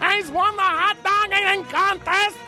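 A man playing a brash, nasal 1930s radio announcer with booming rapid-fire patter. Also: fairly even intonation, sharp tone, soft background music, heavily acted. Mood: giddy. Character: brash old-time male radio announcer, nasal, hyped.

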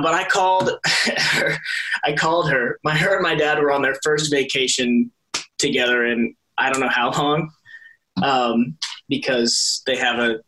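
A man's voice: medium pitch, bright, forceful tone, low-quality recording. A young man guesting in an interview, talking earnestly and rambling through many restarts and fillers. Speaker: actor guest. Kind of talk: casual interview chat.

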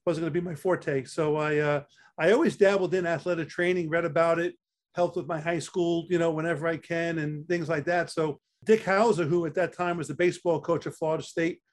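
A man's voice: on the high side, steady tone, fairly quick. An older man with a New York accent, from Staten Island, telling stories from his career as an interview guest and often repeating words. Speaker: interview guest, athletic trainer. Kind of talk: casual storytelling interview.

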